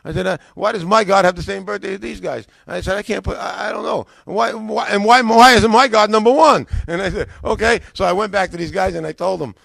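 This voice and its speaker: A man's voice: high voice, fast, vocal fry, hardly any pauses, husky, dry recording. An older man with an American accent, a former pastor, casually telling his story and acting out the dialogue with a rising voice. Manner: animated, acts out dialogue with rising voice.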